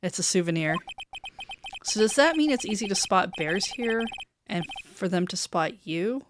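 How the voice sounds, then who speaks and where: A woman's voice: medium pitch, lively intonation, normal speed, background noise. A woman streamer reading a game's dialogue aloud, dropping wry joking asides. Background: game music.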